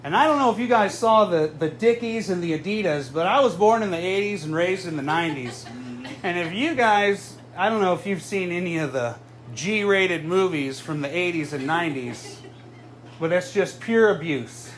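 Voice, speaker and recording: High-voiced male stand-up comedian. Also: moderate pace. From Southern California. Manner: deadpan, self-mocking delivery. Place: live comedy venue with audience. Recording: noisy live room ambience. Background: audience laughter.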